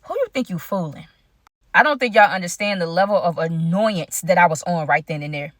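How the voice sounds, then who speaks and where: A woman's voice: on the low side, a bit bright, no echo, studio quality. A young woman telling a story to her viewers in casual, slangy talk, often calling on them directly. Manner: rapid, slangy, talks straight to viewers as y'all. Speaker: storyteller vlogger.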